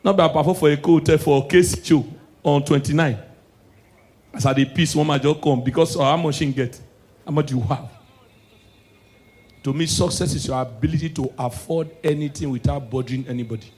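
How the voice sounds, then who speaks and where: A man with a Nigerian accent performing stand-up comedy in Pidgin English, swinging from preachy lecturing to loud shouted punchlines. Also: fairly high pitch, fairly even intonation, moderate pace, pauses often.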